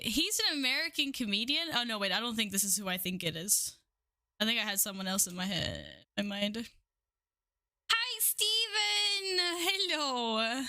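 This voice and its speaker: Giggly high-voiced woman streamer. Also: pushed and bright. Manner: giggly, swears casually, reacts to chat. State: out of breath. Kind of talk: casual live-stream chat.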